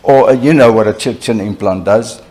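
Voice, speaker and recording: A man's voice: fairly low pitch, normal speed. An older man, a surgeon giving a conference lecture, talking conversationally and telling anecdotes with frequent asides to the audience. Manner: conversational, animated storyteller with frequent "you know" asides.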